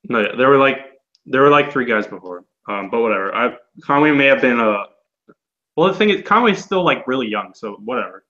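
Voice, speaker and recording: A man's voice: mid-range voice, fairly quick. Rambling man on a lo-fi podcast. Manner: relaxed, rambling, trails off with fillers. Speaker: podcast co-host. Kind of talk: casual comic book podcast chat.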